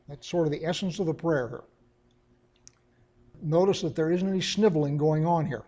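A man leads a Bible lesson, reading passages aloud and then unpacking them in a relaxed, chatty way. His voice sits a little high but sounds warm and mellow. The solemn readings alternate with easygoing explanation. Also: normal speed, highs cut off. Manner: conversational asides between solemn readings. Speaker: Bible teacher.

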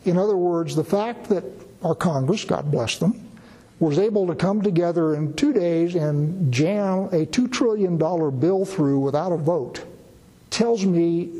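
A man preaching a sermon in a folksy, conversational way, tossing in asides to his congregation. His voice sits a little high but sounds husky and mellow. A long hall reverb trails behind every phrase. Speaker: pastor. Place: church gathering in a borrowed building.

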